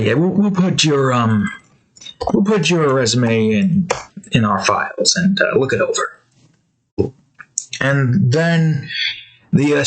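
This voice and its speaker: A man's voice: medium pitch, fairly bright tone, low-quality recording. A man in a casual art vlog, rambling through a story with many fillers and restarts. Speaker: art vlogger.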